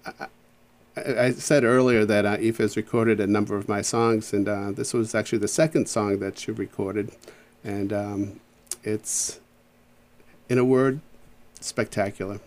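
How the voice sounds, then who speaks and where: A man's voice: on the low side, fairly even intonation, unhurried, darkish tone. A man, a songwriter guest in a casual interview, speaking hesitantly and understated.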